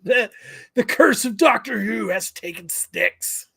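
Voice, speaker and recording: High-voiced profane podcast host man. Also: lively intonation, slow pace, vocal fry, sharp tone, slightly rough, no echo. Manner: profane, joking, reads news aloud. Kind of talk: casual comic podcast banter.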